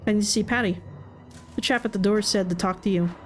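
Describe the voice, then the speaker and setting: A woman's voice: medium pitch, fast, faint music behind, natural voice. Woman reading a nervous, polite professor. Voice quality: polite, flustered, stumbling. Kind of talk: game voice acting.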